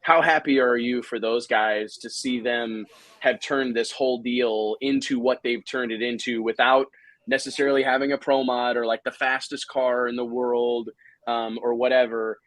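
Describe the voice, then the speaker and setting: A man's voice: medium pitch, fairly even intonation, moderate pace, fairly bright tone, no echo. A man hosting a live commentary chat, joking and rambling with lots of fillers. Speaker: host.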